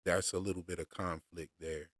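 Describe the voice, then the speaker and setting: A man chatting casually on a livestream about show theories, relaxed and unhurried, with lots of fillers and restarts. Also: low voice, dry recording, studio quality. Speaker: streamer discussing show theories.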